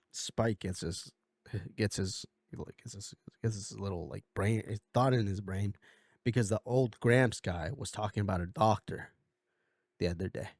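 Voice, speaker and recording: A man's voice: medium pitch, no room sound, studio quality. A man casually recapping a movie plot for a video essay, rambling with lots of fillers and a slight cough. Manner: rambling, filler-heavy, slips into goofy impressions. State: coughing a bit.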